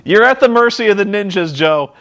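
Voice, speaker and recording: A man's voice: high voice, a little fast. A man giving a casual, sarcastic wrestling recap, swearing freely and acting out scenes. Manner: excitable, profane, sarcastic, acts out scenes. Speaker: vlogger reviewing wrestling. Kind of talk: casual commentary.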